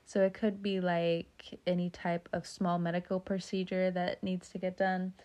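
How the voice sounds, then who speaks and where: A young woman with a somewhat low voice gives a casual tarot reading. She jokes, swears freely and wanders off on tangents between the cards. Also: completely flat delivery, moderate pace, darkish tone. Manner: joking, profane, talks off on tangents. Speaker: tarot reader.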